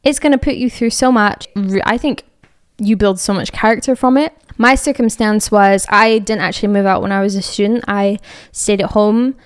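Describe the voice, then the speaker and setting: A woman's voice: medium pitch, fairly even intonation, normal speed, smooth, no room sound, studio quality. A young woman hosting a podcast, talking candidly in a casual chat with frequent fillers. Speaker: podcast host.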